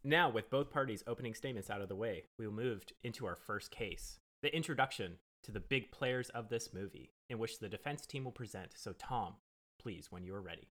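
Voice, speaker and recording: A man's voice: lowish voice, brisk, fairly bright tone. A man moderating as a mock judge in a formal, announcing manner. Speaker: podcast host acting as judge.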